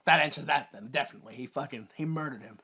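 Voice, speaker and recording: A man's voice: mid-range voice, fast, bright, forceful tone, husky. A man co-hosting a podcast, recapping a movie in a rambling, joking way with lots of filler words. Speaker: podcast co-host. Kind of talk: casual movie recap chat.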